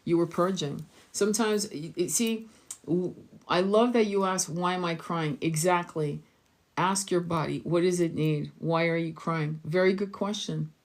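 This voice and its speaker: Low-pitched woman hosting an oracle stream, coaxing viewers to open up. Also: a little slow. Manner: encouraging, coaxing viewers to share. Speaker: tarot and oracle reader hosting a live stream. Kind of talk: live-streamed spiritual session.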